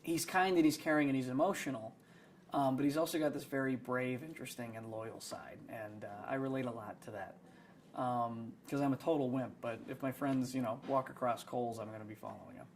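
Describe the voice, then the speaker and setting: A young man, an actor, chats in a behind-the-scenes interview. He rambles and hedges with plenty of fillers, poking fun at himself. His voice sits at an ordinary middle pitch. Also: steady tone, a little fast, a little hiss or hum. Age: young adult. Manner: rambling, self-deprecating, many fillers.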